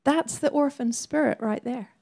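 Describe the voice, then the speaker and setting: A woman's voice: sits high, normal speed, gravelly, a little mellow. A woman preacher delivering a sermon in an earnest, conversational way with laughing asides.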